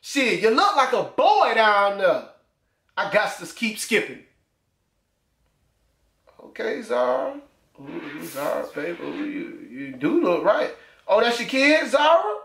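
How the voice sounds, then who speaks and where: A young YouTuber reacts on his own channel in an echoey room, his high, gravelly, fairly bright voice moving slowly with big pitch swings and long pauses. His commentary is loose, crude and teasing.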